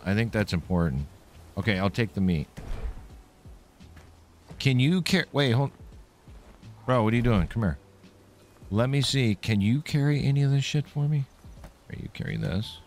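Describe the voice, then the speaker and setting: A man's voice: on the low side, darkish tone, a little hiss or hum. A man streaming a game, joking crudely and mocking the characters' dialogue as he plays. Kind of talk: casual gameplay commentary.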